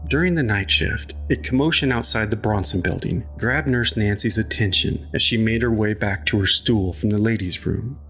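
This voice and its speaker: Low-voiced male audiobook narrator. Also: moderate pace, hardly any pauses, a bit bright, faint music behind.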